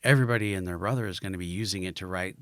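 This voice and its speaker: A middle-aged man hosting a podcast, chatting casually and agreeing warmly with his guest on a close microphone. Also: low-pitched, racing, dry recording. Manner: conversational, affirming, lively at sign-off. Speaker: podcast host. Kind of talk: casual interview chat. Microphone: close podcast mic.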